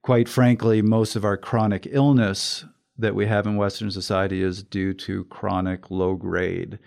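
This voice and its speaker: A man co-hosting a podcast, explaining a point in a measured, cautious way. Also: lowish voice, level tone, gravelly, a little mellow. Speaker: podcast co-host. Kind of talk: casual podcast discussion.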